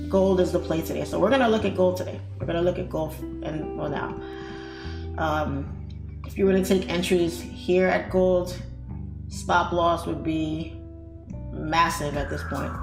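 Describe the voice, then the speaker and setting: A young adult woman hosting a live trading stream in a casual, animated, chatty way, reading viewer comments aloud. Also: lowish voice. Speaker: trading livestream host. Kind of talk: casual livestream chat while trading. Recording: roomy echo with faint music behind.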